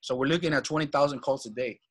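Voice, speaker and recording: An energetic man speaks in a husky, slightly raspy voice at an ordinary pitch. He talks casually as an interview guest, hammering his points home with repetition and tag questions like "right?". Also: fast talker. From Venezuela. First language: Spanish. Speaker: guest, real estate acquisitions manager.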